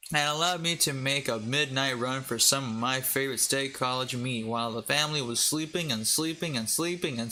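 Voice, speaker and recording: A man reads articles aloud to his stream chat. He trips over words, jokes and breaks off to laugh. His voice is bright and forward, with a faint background hum. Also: medium pitch, normal speed, few pauses. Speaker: VTuber streamer.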